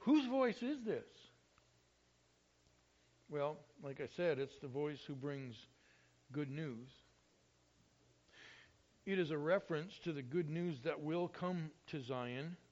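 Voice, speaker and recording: High-voiced preacher on a dull recording. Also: male voice, takes it slowly, pauses often. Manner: expressive, rises loudly when quoting scripture. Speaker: pastor. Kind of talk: sermon.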